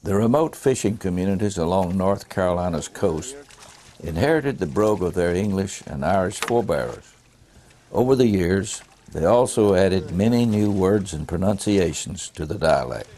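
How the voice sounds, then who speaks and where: Deep, dark documentary narrator, a man. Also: lively intonation, moderate pace, a little hiss or hum. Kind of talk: scripted narration.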